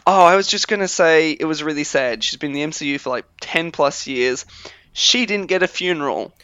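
A man co-hosting a podcast, chatting casually with lots of fillers and quick laughs. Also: on the high side, pushed and bright, clean tone, no echo. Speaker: podcast co-host. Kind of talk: casual chat.

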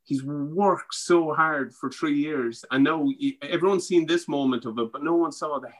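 Animated Irish man telling stories. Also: a little high, moderate pace, poor audio. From Ireland. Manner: animated storytelling, acting out quotes. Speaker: podcast guest, former rugby player. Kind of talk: casual chat.

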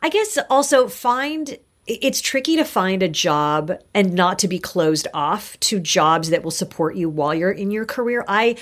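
A woman's voice: mid-range voice, normal speed, hardly any pauses. A middle-aged woman, a guest on an interview podcast, telling her career stories casually and acting out the voices of people she quotes. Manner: animated, acts out quoted voices. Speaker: guest, actor and insurance broker.

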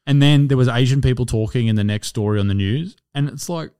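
Blunt, swearing Australian podcast host. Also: male voice, medium pitch, fast talker, warm tone, a little hiss or hum. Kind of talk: casual podcast chat.

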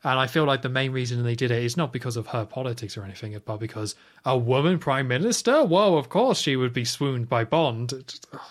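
Male podcast co-host, wry film recapper, mid-pitched, chatty and amused. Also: brisk, few pauses. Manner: wry, animated recapping with quoted lines. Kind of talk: casual film review chat.

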